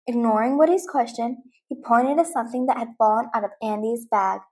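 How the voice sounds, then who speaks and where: Gentle woman reading a storybook. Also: on the high side, a little fast, breathy edge. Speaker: host. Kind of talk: storybook read-aloud.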